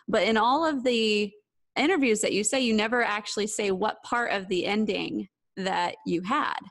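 A woman hosting a podcast interview, asking brisk quiz-style questions and laughing often. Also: medium pitch. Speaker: podcast host. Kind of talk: casual interview.

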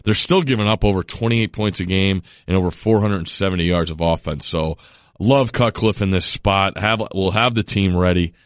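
A man co-hosting a sports betting podcast, rambling and chatty with quick restarts. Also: clean tone, no echo. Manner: rambling, quick restarts, lively rises in pitch when making a point. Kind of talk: casual sports betting chat.

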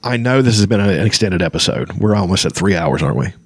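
Deep-voiced man reading aloud, casually. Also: animated, fast talker, husky. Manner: loose, stumbling, self-correcting reading. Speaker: podcast host reading a novel aloud. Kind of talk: book reading with casual asides.

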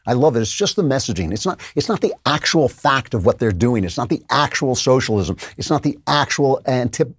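Animated sarcastic male commentator. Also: medium pitch, husky, no room sound, clean studio sound. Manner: sarcastic, animated, laughs at opponents. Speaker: podcast host. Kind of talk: political commentary.

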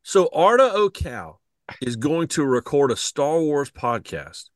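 A man co-hosting a podcast, talking in a halting way as he restarts and repeats his words. His voice sits a little high, and the sound is dry and close. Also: very animated, no echo. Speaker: podcast co-host. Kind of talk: casual podcast chat.

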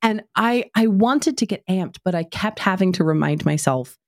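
Lively, animated woman telling a story. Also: normal speed. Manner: animated storyteller, jumps high for quoted kids. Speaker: podcast co-host. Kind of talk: casual chat, storytelling.

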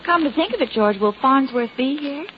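A bright, teasing young secretary with a fairly high, lively voice. The old radio recording is dull with clear hiss behind her. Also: brisk. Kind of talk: 1940s radio acting. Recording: noisy 1940s radio broadcast.

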